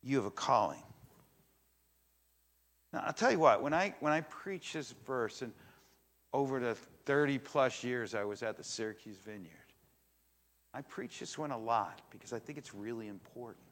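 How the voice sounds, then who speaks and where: An older man preaching a sermon to a congregation, telling a story with animated energy and acting out the voices in it. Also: medium pitch, normal speed, pauses often. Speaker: pastor. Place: church in front of a congregation.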